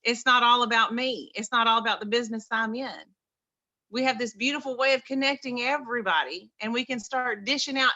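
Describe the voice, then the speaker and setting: A woman with an East Texas drawl talks on a video call with a bright, forceful tone. She is folksy and keyed up and repeats her points for emphasis, like a motivational pep talk. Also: fairly high pitch, fairly quick. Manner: folksy, enthusiastic, repetitive. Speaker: participant sharing on a group call.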